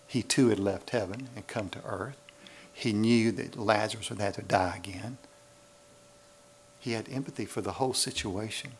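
A man's voice: fairly low pitch, a little hiss or hum. A man preaching a sermon in a church, acting out little voices to make his points. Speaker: pastor.

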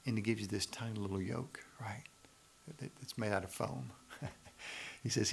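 Gravelly Southern preacher. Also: male voice, mid-range voice, moderate pace, long pauses. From Macon, Georgia, US South. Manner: conversational, pleading, asks the audience rhetorical questions. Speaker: pastor. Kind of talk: sermon.

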